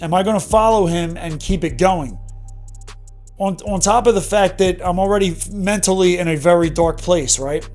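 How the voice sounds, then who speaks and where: A man's voice: high-pitched, darkish tone. A man in his thirties candidly telling an emotional personal story in a vlog monologue. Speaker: vlogger.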